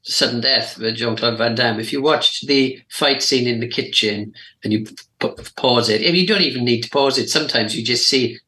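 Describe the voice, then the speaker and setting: A man with a bright, forceful voice chats about films and often repeats himself as he talks. His voice carries a roomy echo. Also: medium pitch, moderate pace. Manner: chatty, repeats words. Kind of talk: casual film podcast chat.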